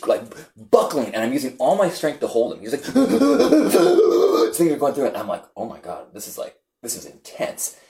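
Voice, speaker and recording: A man in casual conversation, telling a story animatedly and often restarting his sentences with lots of fillers. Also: lowish voice.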